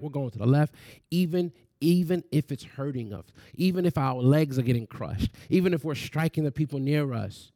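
A man's voice: mid-range voice, creaky, dark tone, no echo, clean studio sound. A man preaching a sermon, reading scripture and asking the listeners rhetorical questions. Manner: asks rapid rhetorical questions.

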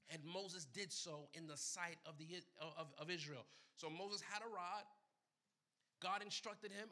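A man's voice: sits high, unhurried, sharp tone. A man preaching a sermon as pastor, emphatic and repetitive.

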